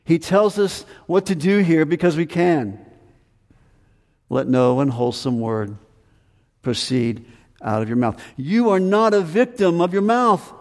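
A man's voice: a little high, unhurried, a little mellow, big-room sound. A man preaching a sermon as pastor, earnest and emphatic, repeating his commands.

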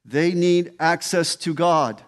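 A man preaching with a somewhat raised pitch, leaning hard on key phrases and repeating them for emphasis. His voice rings through a long hall reverb, as in a church sanctuary. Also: slow pace. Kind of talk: expository sermon.

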